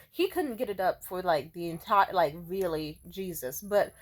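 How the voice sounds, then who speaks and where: A young woman in a casual, profane monologue, candid and laughing often, acting out quoted lines. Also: on the high side. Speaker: vlogger.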